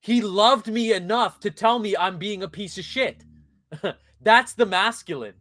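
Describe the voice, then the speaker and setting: A man's voice: high voice, unhurried, fairly bright tone, no room sound, studio quality. A man hosting a casual podcast conversation as a men's coach, talking bluntly with emphatic, punchy delivery and frequent swearing.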